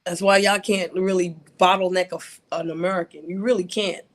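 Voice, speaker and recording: A man's voice: high-pitched, flat delivery, a little fast, fairly bright tone. A man from New York with a Brooklyn accent, telling brash, profane stories in a casual panel chat. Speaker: panel guest.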